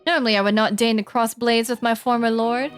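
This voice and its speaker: A woman voicing a solemn male swordsman from a game, formal and measured. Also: a little high, fairly even intonation, clear, resonant tone, close to an everyday voice. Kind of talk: reading game dialogue aloud.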